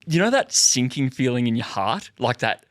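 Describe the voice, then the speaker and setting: A man with an Australian accent hosting a casual golf podcast, excitable and quick to laugh. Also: medium pitch, no room sound, clean studio sound. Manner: excitable, laughs often, says he gets nervous. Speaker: podcast host. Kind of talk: casual chat.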